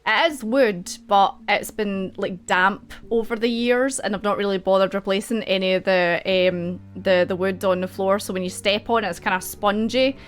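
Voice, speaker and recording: A woman's voice: mid-range voice, fairly even intonation, normal speed, hardly any pauses, soft background music. Giggly Scottish woman running a game. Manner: giggly, rambling, laughs often. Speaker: game master. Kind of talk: narrating a tabletop game.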